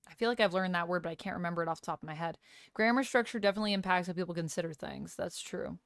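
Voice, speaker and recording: A Canadian woman with a lowish voice talks at a racing pace, casually chatting on a livestream with clean studio sound and no echo. She reads chat messages aloud, answers them, and tries out phrases with a light laugh.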